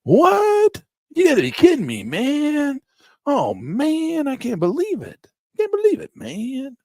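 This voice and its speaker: A man's voice: very high voice, wildly swooping pitch, takes it slowly, a little mellow, dry recording, clean studio sound, pitched above the performer's own voice, heavily acted. A man voicing a laid-back stoned hippie guy who drawls and says "man" at every turn. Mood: shocked.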